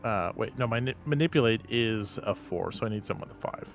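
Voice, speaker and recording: A man's voice: lowish voice, lively intonation, fairly quick. A man playing a tabletop game, talking casually and correcting himself. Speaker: player.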